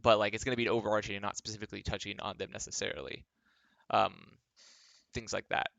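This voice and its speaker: A man's voice: lowish voice, flat delivery, fast talker, gravelly, a bit bright. A tired young man, a former esports pro, talking in a casual vlog monologue from his home workspace, rambling with lots of fillers and dry sarcasm.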